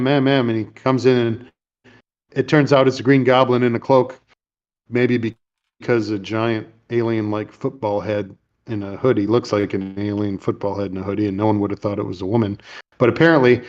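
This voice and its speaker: A man's voice: on the low side, darkish tone, highs cut off. A man hosting a casual chat, retelling movie scenes in a rambling way and briefly voicing the characters. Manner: rambling, retells scenes with quick put-on lines. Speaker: podcast host.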